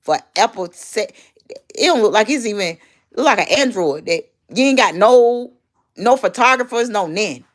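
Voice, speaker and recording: A woman's voice: medium pitch, normal speed. A woman, casually ranting and gossiping on a livestream, blunt and profane. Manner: blunt, profane, loudly animated.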